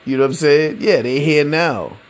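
A man hosting a casual solo sports podcast, rambling in a relaxed, slangy way and laughing often. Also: on the high side, normal speed. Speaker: podcast host.

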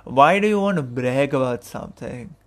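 A man's voice: mid-range voice, expressive, normal speed, fairly bright tone. A young man hosting a casual solo podcast, rambling and candid, with frequent fillers and restarts. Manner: candid and chatty. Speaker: podcast host.

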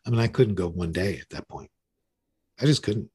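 This podcast guest, a man in his fifties, recounts his recovery casually, poking fun at himself and restarting often. He speaks at a moderate pace in a low-pitched, slightly mellow voice with a breathy edge.

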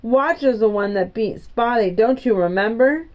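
A woman reading the lines of an eager, stubborn young boy, insistent and excitable, in a storybook reading. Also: fairly high pitch, moderate pace, lightly acted. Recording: dull lo-fi recording.

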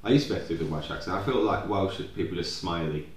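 A man's voice: low voice, racing, reverberant. A young man co-hosting a podcast, chatting casually and rambling off on tangents with plenty of swearing. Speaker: podcast co-host. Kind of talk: casual chat.

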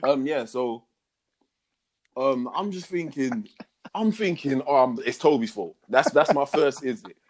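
A man's voice: medium pitch, a little slow, slight background noise. A young man telling a funny story in casual chat, laughing often and using a lot of slang. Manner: laughing, slangy, animated retelling.

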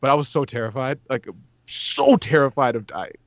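A young man casually telling a story on a podcast, animated, laughing often and acting out what people said. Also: medium pitch, fast talker, dry recording.

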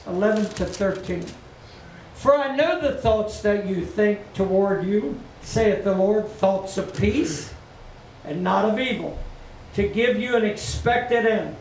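A man's voice: high-pitched, slow, a little mellow, a little hiss or hum. A middle-aged man preaching a sermon, repeating his points and leading the congregation in call-and-response. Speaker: pastor. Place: church sanctuary. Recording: echoey room from far off, faint ambience.

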